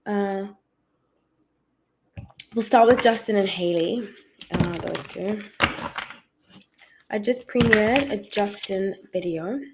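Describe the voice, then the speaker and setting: A woman's voice: medium pitch, takes it slowly, long pauses, very noisy. A woman hosting a casual tarot livestream from home, chatting with viewers and greeting them by name between rambling asides.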